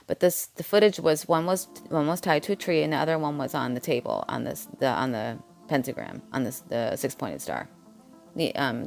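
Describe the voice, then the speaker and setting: A woman's voice: low-pitched, vocal fry. A woman vlogger talking in a blunt, rambling monologue, jumping from topic to topic. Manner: blunt, jumps between topics.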